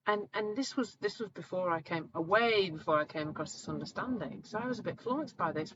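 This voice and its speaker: A woman in her forties, a coach hosting a live talk, telling stories in an animated, chatty way. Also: on the low side, a little fast, hardly any pauses, dull audio, very noisy. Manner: chatty, animated storytelling, acts out voices. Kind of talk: live online talk answering viewers.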